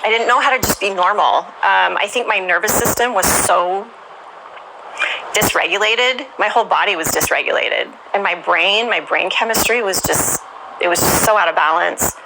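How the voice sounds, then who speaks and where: A woman's voice: mid-range voice, normal speed, gravelly, background noise. A woman being interviewed, frankly recounting her own past in a conversational way, with many "you know"s. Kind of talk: candid personal testimony.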